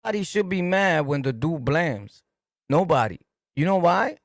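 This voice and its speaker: A man's voice: on the high side, animated, normal speed, heavy background noise. A man with a New York accent hosting a casual commentary stream, talking in a streetwise, repetitive, emphatic way. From New York City. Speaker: host. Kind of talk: casual commentary to a livestream chat.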